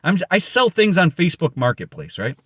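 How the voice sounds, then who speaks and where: A man delivers a rambling motivational rant, boastful and crude, often correcting himself mid-sentence. His pitch rises and falls in lively swings. The recording is dry, with no room sound. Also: a little fast, husky, dry recording. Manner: blunt, boastful and profane; emphatic, rambling with self-corrections. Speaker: motivational speaker. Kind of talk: unscripted motivational monologue.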